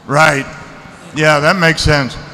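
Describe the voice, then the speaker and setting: A man speaking at a seminar, answering audience questions in a relaxed, conversational way. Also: on the high side, slow pace. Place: large seminar hall. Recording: echoey hall, faint noise.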